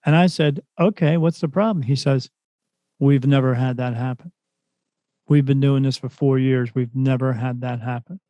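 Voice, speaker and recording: Animated storytelling man, mellow voice. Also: medium pitch, moderate pace, no echo, lo-fi sound. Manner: animated retelling, acts out quoted voices. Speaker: podcast guest, spirit medium. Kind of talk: casual storytelling.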